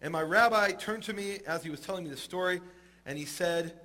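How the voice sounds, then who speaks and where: Bright high-voiced man telling a story. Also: brisk. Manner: lively, humorous, acts out the quoted characters. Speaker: teacher retelling a Talmud story. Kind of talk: animated storytelling talk.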